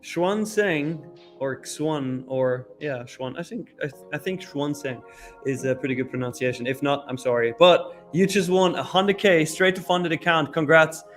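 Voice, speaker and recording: Man, co-host, somewhat high voice, laughs a lot, quick casual chatter, faint music behind. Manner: laughing, excitable, calls names out quickly. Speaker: co-host running a giveaway. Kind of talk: casual live-stream chat.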